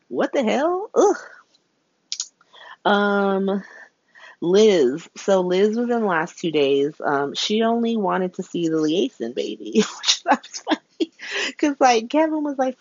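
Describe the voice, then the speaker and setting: A woman giving a casual, profane recap of soap opera episodes, sassy and animated, laughing often and acting out the characters' lines. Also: lowish voice, no echo, highs cut off.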